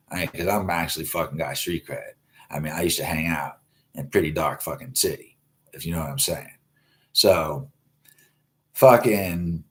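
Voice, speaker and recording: A man hosting a live show, telling rambling stories full of swearing. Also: low-pitched. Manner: swears constantly, rambling and animated. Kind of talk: profane live-stream storytelling.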